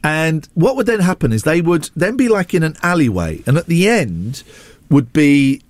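Lively rambling radio man. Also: fairly high pitch, moderate pace, dry recording. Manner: rambling, self-deprecating, jumps between asides. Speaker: radio host. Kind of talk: casual on-air chat. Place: radio studio.

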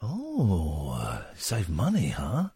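A man hosting a late-night radio phone-in from a studio, blunt, irreverent and quick to mock his callers. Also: low voice, huge pitch swings, warm tone, slightly rough, no echo. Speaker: radio host. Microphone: studio microphone.

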